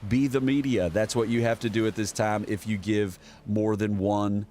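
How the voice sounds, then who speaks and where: A man with a lowish voice rambles through political news with biting sarcasm, reading headlines aloud and talking back at them. A faint hiss of noise sits under the recording. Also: fairly even intonation, normal speed, hardly any pauses, darkish tone. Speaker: political commentary streamer. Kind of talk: casual political commentary.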